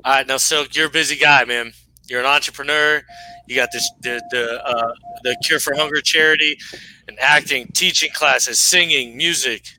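A man's voice: mid-range voice, steady tone, normal speed, sharp tone, slight background noise, poor audio. A man co-hosting an interview, asking friendly, casual questions. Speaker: co-host.

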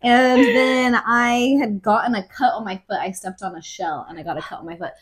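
A woman in her twenties, a podcast guest, telling a story in a lively, laughing casual chat. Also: mid-range voice, a little fast, breathy edge. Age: 20s.

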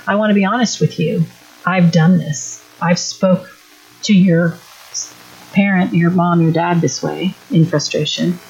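Middle-aged woman, earnest teacherly speaker at a church parenting workshop, mid-pitched, on a dull lo-fi recording. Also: darkish tone.

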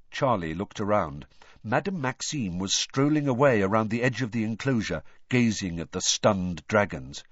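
A man narrating a storybook in an expressive, dramatic reading. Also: on the low side, normal speed, dry recording. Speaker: audiobook narrator. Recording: dull, dry recording.

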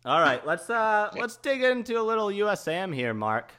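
A man's voice: high voice, sing-song, moderate pace, bright, forceful tone, clear, resonant tone. Male podcast host; jokey, ribbing, conversational lead. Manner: jokey, teasing, steers the conversation. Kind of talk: casual podcast chat.

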